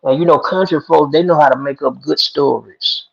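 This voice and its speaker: A man's voice: a little high, fairly even intonation, a little fast, vocal fry, hardly any pauses. A man hosting an online talk show, telling a folk story and preaching its moral in a folksy, emphatic way. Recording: dull lo-fi sound.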